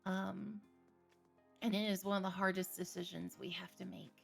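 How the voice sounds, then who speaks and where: A woman's voice: mid-range voice, little pitch movement, moderate pace, gravelly, slightly rough, soft background music. A woman therapist, a streaming guest, talking candidly about mental health with frequent laughter and jokes. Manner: candid, joking, laughs often. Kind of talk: livestream conversation.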